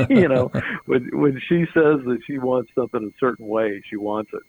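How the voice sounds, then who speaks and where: A man's voice: mid-range voice, wildly swooping pitch, normal speed, vocal fry, husky, phone-quality sound. A middle-aged man telling a long anecdote in an interview, rambling and chuckling, often repeating words as he goes. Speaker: interview guest. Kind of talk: casual anecdotal storytelling.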